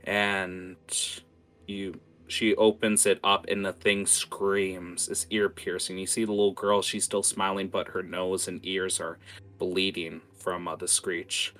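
A man's voice: deep voice, flat delivery, unhurried, fairly bright tone. A man narrating a tabletop game as game master, casual and full of fillers and restarts.

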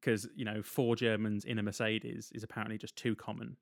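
A man's voice: lowish voice, level tone, brisk, creaky, no echo. A man, casually retelling a film's plot on a podcast with dry humor and frequent laughs. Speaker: podcast co-host recapping a film. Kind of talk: casual chat.

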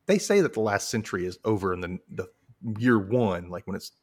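Male podcast host, low voice, lively inflection, chatty and casual. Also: fairly quick. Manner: chatty, animated, laughs often.

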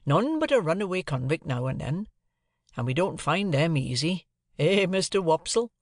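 A man reading an audiobook, voicing a gentle, simple blacksmith with plain, homely speech. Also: on the high side, sing-song, moderate pace, dry recording, studio quality, pitched above the performer's own voice.

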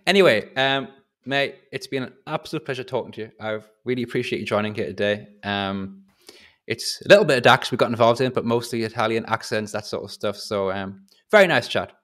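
A man's voice: mid-range voice, fairly quick. Chatty man hosting a podcast. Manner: animated storyteller, chatty. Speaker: podcast host. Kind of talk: casual podcast chat.

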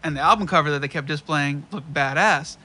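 A young man with a bright, somewhat high voice tells casual stories among friends. He swears freely and acts out what everyone said along the way. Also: fairly quick. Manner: profane, animated storytelling with quoted asides. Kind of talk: casual chat.

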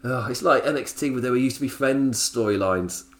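A man's voice: mid-range voice, brisk. A man hosting a casual solo podcast review, chatty, laughing often and drifting into tangents. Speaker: podcast host reviewing wrestling.

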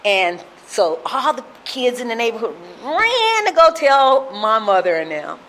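A woman in her fifties from Compton giving an emotional, halting recovery testimony, often repeating herself. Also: fairly high pitch, very animated, a bit bright. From Compton, California. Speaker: speaker sharing at a recovery fellowship.

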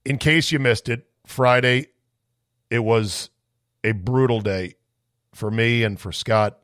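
A man's voice: medium pitch, takes it slowly, a bit bright, no room sound. A man hosting a podcast rambles through a listener's email with sarcastic, profane asides. His voice sits in an ordinary middle register and sounds a little off. The recording is dry and close, with no room around it. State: voice a bit off. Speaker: podcast host. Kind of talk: casual solo chat reading a listener email.

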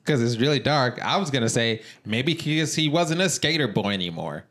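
A man's voice: medium pitch, animated, normal speed, a bit bright. A man co-hosting a podcast in casual chat, making dry, wisecracking jokes. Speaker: podcast co-host.

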